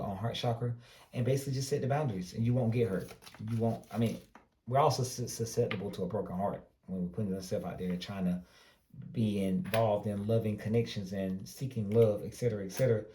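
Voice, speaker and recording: Speaking briskly in a lowish voice, a North Carolina tarot reader with a Southern drawl rambles casually, giving advice and revising his own words. The audio is reverberant, with a little background noise.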